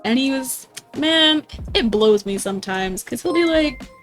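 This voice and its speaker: A young woman streamer chats slowly and loosely with a fairly high voice, laughing through her sentences and cursing offhand. She jumps into squeaky impressions of other people, with faint music playing behind her. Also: expressive. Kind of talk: casual livestream chat.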